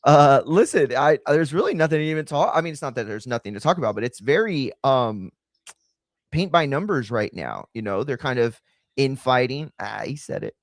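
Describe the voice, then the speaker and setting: A man's voice: medium pitch, animated, normal speed, no echo, clean studio sound. Slangy man streaming fight commentary. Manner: loose, slangy, chatty, addresses chat directly. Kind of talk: casual live-stream commentary.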